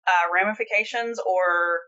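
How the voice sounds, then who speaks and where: Bright-voiced, blunt, opinionated woman. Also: on the low side, steady tone, unhurried, highs cut off. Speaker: podcast co-host. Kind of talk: casual political discussion.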